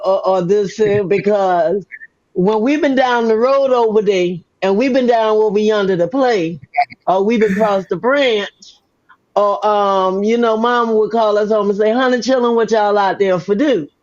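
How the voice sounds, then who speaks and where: A woman's voice: mid-range voice, measured pace, a little mellow, dull audio. An older woman from the Gullah Geechee region, hosting an interview with Southern Gullah Geechee traces and a folksy, storytelling way of repeating words. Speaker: host. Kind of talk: casual interview chat.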